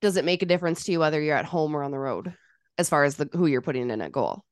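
A woman co-hosting a podcast with chatty, teasing, animated sports talk. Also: sits low, rapid-fire, dry recording, studio quality. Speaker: podcast co-host. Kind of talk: casual sports chat.

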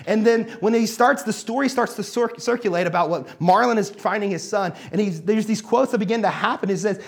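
Animated man preaching a casual sermon. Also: high-pitched, a little fast, creaky, few pauses. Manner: conversational and animated, dropping to quiet reflective tones. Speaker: pastor. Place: church hall.

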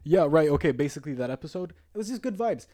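A man's voice: a little high, animated, fast talker, mellow, a little hiss or hum. A man co-hosting a podcast in casual chat, laid-back, with many agreeing fillers and slangy talk. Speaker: podcast co-host.

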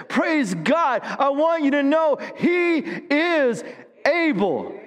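A pastor preaching a sermon, calling for the congregation to answer and swinging between hushed stretches and rising appeals. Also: male voice, very high-pitched, sing-song, slow pace. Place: church sanctuary. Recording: long hall reverb.

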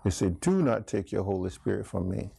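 A man's voice: lowish voice, expressive, fairly quick, vocal fry, warm tone, breathy edge, dry recording. A middle-aged man teaching a Bible class in a folksy sermon style, asking the class questions. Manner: folksy, laughs often, asks the class questions.

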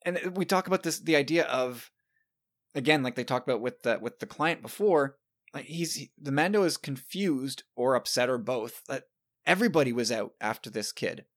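A man in his thirties talks casually as a host, his voice sitting at an ordinary middle pitch. He rambles and restarts words as he goes. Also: lively intonation, normal speed, a bit bright. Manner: chatty, restarts words often. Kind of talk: casual chat.

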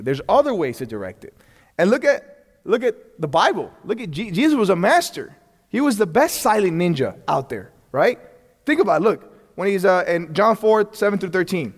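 A man teaching a Bible lesson in a conversational way. He keeps checking in with the class, often restarts his sentences, and acts out bits of dialogue. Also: high voice. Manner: frequent restarts and check-ins. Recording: long hall reverb.

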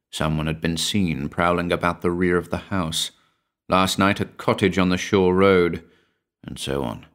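Male narrator, deep voice, measured dramatic reading of a weird tale. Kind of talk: storybook narration.

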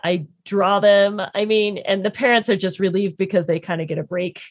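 A woman's voice: medium pitch, fairly even intonation, normal speed, no room sound. Chatty woman, dry close sound. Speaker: podcast guest. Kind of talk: casual chat.

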